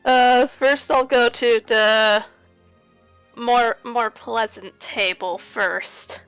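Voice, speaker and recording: A woman from Newfoundland playing a tabletop game, chatting in a quick, playful way. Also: a little high, steady tone, a bit bright, clear, resonant tone, no room sound, soft background music, rough recording. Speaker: player. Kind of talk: casual chat.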